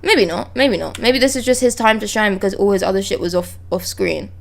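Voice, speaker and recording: Excitable young woman reacting live. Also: mid-range voice, brisk, vocal fry. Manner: reads dialogue aloud, breaks off with excited exclamations and swearing. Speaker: manga reaction streamer.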